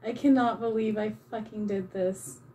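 A woman's voice: medium pitch, steady tone, normal speed, warm tone, slight background noise. A woman chatting casually while she paints, self-mocking and embarrassed, giggling and swearing freely. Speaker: channeler and vlogger.

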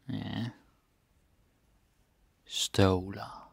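A man teaching a casual Danish vocabulary lesson. He repeats each word slowly and drops to murmured asides. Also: on the low side, steady tone, gravelly, no echo.

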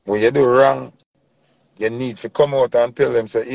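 A man's voice: medium pitch, fairly even intonation, moderate pace, vocal fry, a little mellow, dry recording, dull audio. A man with a Jamaican accent giving an impassioned opinion rant in heavy patois, preaching and repeating his points for emphasis. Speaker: commentator.

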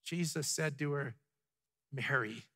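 A pastor preaching a sermon to his congregation, asking rhetorical questions and dropping to a hush before building back up. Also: on the high side, unhurried. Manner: dramatic, drops to a hushed tone for emphasis, then builds up. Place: church sanctuary.

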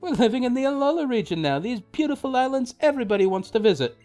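A man voicing a cheerful, chatty mother as he reads a video game's dialogue aloud, in a bright, sing-song put-on voice. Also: very high voice, expressive, fast talker, faint music behind, pitched above the performer's own voice. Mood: cheery.

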